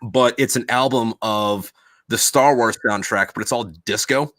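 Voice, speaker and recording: A young man co-hosting a podcast, chatting casually and telling stories in a profane, animated way. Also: mid-range voice, measured pace, dry recording. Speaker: podcast co-host. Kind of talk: casual chat.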